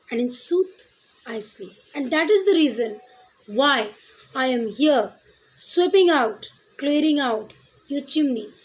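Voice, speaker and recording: High-voiced Bengali-accented woman teacher. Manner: reads poem lines then explains them, mixing in Bengali. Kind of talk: literature lesson explanation.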